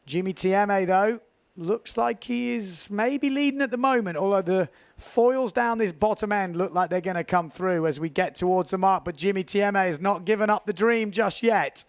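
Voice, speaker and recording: A man giving live, chatty commentary on a windsurf race, building excitement at key moments. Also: high-pitched, moderate pace, dry recording.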